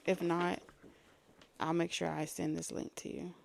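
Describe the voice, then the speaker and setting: Low gravelly-voiced woman reading tarot. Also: little pitch movement, measured pace, a little hiss or hum. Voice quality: audible heavy breathing. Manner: casual and chatty, talking to viewers between card pulls. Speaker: tarot reader. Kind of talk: live-stream tarot reading.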